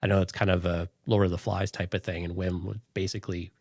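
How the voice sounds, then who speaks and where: A deep-voiced man co-hosts a podcast in casual chat. He talks fast and rambles with enthusiasm, stacking up "like" and "you know." The sound is dry and close. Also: flat delivery, a little mellow, no echo. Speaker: podcast co-host.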